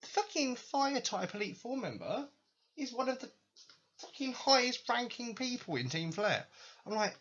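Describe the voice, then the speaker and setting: A man's voice: extremely high pitch, big pitch swings, normal speed, fairly bright tone, a little hiss or hum. A young man hosting a podcast, ranting in a profane, sarcastic way. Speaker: podcast host. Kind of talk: ranting commentary. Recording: dull lo-fi recording.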